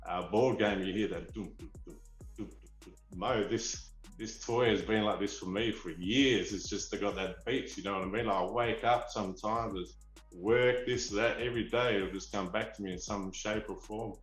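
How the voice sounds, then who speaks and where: A man's voice: fairly low pitch, steady tone, normal speed, reverberant, faint music behind, rough recording. A man from Australia with an Australian accent, a collector telling rambling, eager stories in a casual interview. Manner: eager, rambling, restarts often. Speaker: figurine collector, guest.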